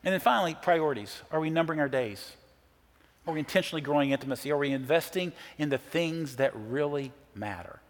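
A man's voice: a little high, lively intonation, quick pace, long reverb tail. A middle-aged man preaching a sermon as a pastor, telling stories in an earnest way and quoting others. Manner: earnest storytelling with quoted voices.

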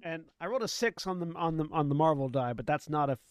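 A man's voice: fairly high pitch, expressive, quick pace, smooth, dry recording, clean studio sound. Puzzled man asking rules questions. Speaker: player. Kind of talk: casual chat during tabletop game.

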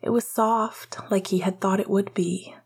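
Woman whispering slow story narration. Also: mid-range voice, steady tone, a little mellow, husky. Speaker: audiobook reader.

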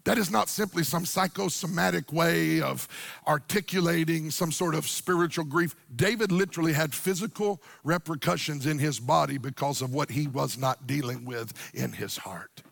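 A middle-aged man, preaching a sermon to a church congregation, animated, swinging from quiet storytelling up to near-shouted, sung-out lines. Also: on the high side, normal speed, gravelly, no room sound. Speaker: pastor.

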